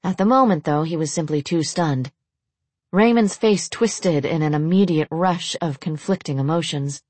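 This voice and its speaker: Low, breathy woman reading a novel. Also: normal speed, darkish tone, dry recording. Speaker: audiobook narrator.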